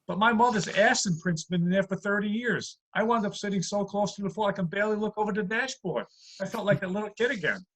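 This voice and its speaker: A man doing a stand-up routine over a video call, delivering deadpan one-liners. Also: high-pitched, fast talker, rough recording. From USA. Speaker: stand-up comedian. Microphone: computer mic on a video call.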